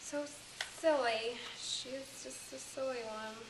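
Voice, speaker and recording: A woman's voice: high voice, fairly even intonation, takes it slowly, vocal fry, noisy background. A woman acting in a comedy skit, exasperated, blunt and scolding. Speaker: comedy sketch actor. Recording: echoey room.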